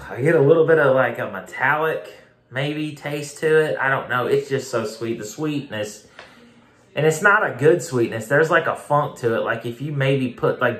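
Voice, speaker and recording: A man's voice: medium pitch, a bit bright. A man giving a blunt, casual beer review, repeating himself for emphasis and swearing now and then. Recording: echoey room.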